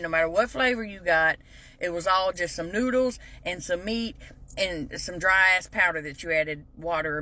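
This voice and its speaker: A woman's voice: on the low side, pushed and bright. A middle-aged woman, telling sassy, folksy stories in a casual comedic monologue. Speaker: vlogger.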